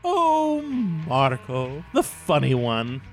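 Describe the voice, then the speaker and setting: Casting: a man doing a sly, sinister alien trickster, slow and taunting, with swooping pitch. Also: huge pitch swings, faint music behind, heavily acted. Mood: mocking. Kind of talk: dramatic reading on a podcast.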